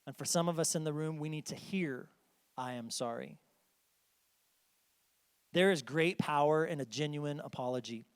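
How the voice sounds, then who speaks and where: Earnest high-voiced man preaching. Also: a little fast, hardly any pauses, clear, resonant tone, long reverb tail. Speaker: pastor. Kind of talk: sermon. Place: church sanctuary.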